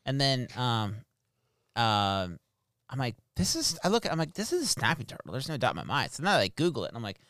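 A man's voice: mid-range voice, huge pitch swings, a little fast, fairly bright tone, no room sound, studio quality. A man telling a story in casual chat, acting out quotes and swearing freely.

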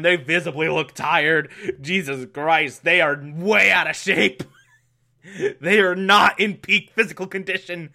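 A man's voice: a little high, fairly even intonation, a little slow, gravelly, sharp tone. A man giving a sarcastic, rambling comedic movie recap, laughing at his own jokes.

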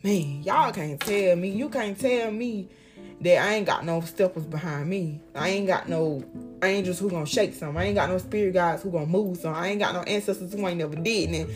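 A woman's voice: fairly low pitch, fairly quick, soft background music. A young woman giving life advice in a casual motivational monologue, heartfelt and emphatic, repeating lines for effect, with slangy, profane talk.

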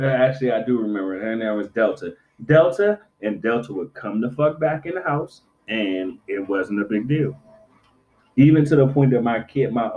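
Profane middle-aged man telling animated stories. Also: lowish voice, a little hiss or hum. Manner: profane, animated storytelling with acted-out quotes. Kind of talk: casual chat. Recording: dull lo-fi recording.

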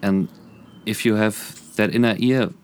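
A man's voice: on the low side, steady tone, measured pace, clear, resonant tone. A man with a German accent, a musician guest talking earnestly and reflectively in a casual podcast chat. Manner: earnest, reflective, many restarts.

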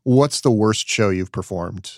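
Low-voiced male podcast host asking questions. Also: unhurried, darkish tone, no room sound, clean studio sound. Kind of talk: casual interview questions.

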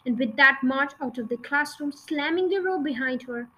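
A woman's voice: sits high, normal speed, bright, forceful tone, a little hiss or hum, poor audio. A woman reading a children's novel aloud chapter by chapter, with occasional slips and restarts, then chatting briefly to her listeners. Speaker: audiobook reader.

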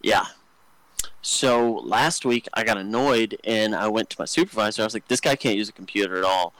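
A man's voice: fairly low pitch, brisk, a bit bright, dry recording, poor audio. A young man telling rambling, crude work stories on a podcast, joking and full of fillers. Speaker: podcast co-host. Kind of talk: casual storytelling chat.

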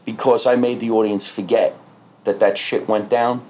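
A man, a stand-up comedian, telling stories in casual podcast talk, animated and swearing freely. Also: on the low side, normal speed. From New Jersey.

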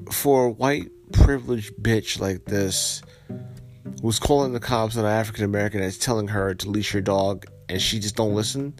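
A man with a low voice hosts a podcast. He reads the news plainly and then speaks his mind in blunt, profane terms. Faint music plays underneath. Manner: blunt and profane, heated when ranting. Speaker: podcast host. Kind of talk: reading a news story aloud, then ranting commentary.

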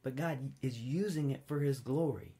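A man preaching a sermon in a relaxed, conversational way, telling personal stories with big swings between loud high peaks and low quiet passages. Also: moderate pace. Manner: informal storytelling, wide swings in pitch and loudness, drops low and quiet for stories.

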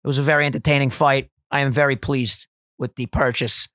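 A young man co-hosting a casual podcast, hoarse from screaming, loud and swearing as he jokes around in a basement. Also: mid-range voice, steady tone, dry recording, clean studio sound. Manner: loud, swearing, jokey, quick. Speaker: podcast co-host. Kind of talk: casual profane podcast banter. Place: basement at a kitchen table.

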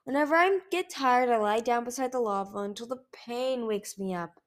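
A woman's voice: on the high side, normal speed, close to an everyday voice. A woman reading a storybook aloud and voicing a fierce, exhausted young female ice dragon who snarls and spits her words. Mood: bitter. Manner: snarling, spitting, bitter. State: sleepless, wounded.

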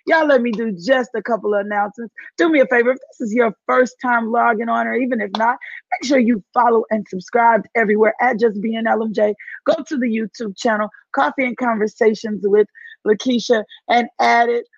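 A woman's voice: fairly high pitch, steady tone, brisk, no room sound, lo-fi sound. A woman with a Southern accent leading a live-streamed devotional, preaching fervently and repeating phrases for emphasis. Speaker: women's ministry leader hosting a live stream.

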